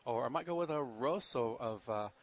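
A man with an ordinary mid-range voice gives wine advice as a radio guest. He talks easily but hesitantly, filling pauses with "uh" and "you know.". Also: medium pitch. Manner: relaxed, hesitant, many fillers. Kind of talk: radio interview.

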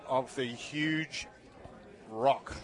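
An Australian man, a restaurant owner, chatting in a relaxed, friendly way as a guest on live radio. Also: medium pitch, drawn-out words.

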